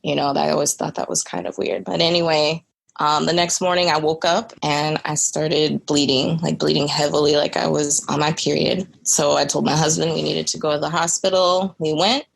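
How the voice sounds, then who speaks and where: A woman's voice: deep voice, flat delivery, normal speed, gravelly, slightly rough. A young woman who is a podcast guest, telling a personal story in a candid, earnest way with lots of conversational fillers.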